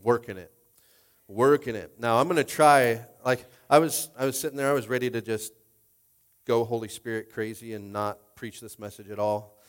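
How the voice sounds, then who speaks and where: A man's voice: medium pitch, fairly even intonation, moderate pace, clean tone. Casual guy preaching a sermon, kinda teary, lots of ums and uhs, chatty and loose, regular voice, middle-aged. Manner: casual, emotional, rambling with many fillers. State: tearful. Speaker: pastor.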